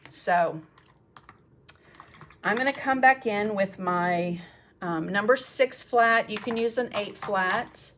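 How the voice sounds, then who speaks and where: A woman's voice: medium pitch, pushed and bright. Chatty woman teaching painting. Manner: chatty, encouraging, thinks aloud while painting. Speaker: art teacher. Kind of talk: live painting demonstration.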